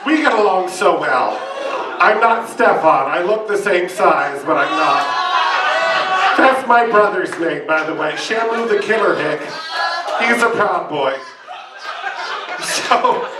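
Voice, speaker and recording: A man performing as a drag queen in a live roast, delivering bawdy insults with shouted punchlines. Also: high voice, very noisy. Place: bar function room with live audience. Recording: echoey room, mic from a distance, loud crowd.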